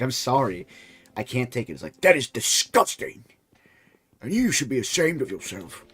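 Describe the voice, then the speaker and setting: A young man streaming, reacting to a video with rambling, profane casual commentary full of restarts. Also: on the low side.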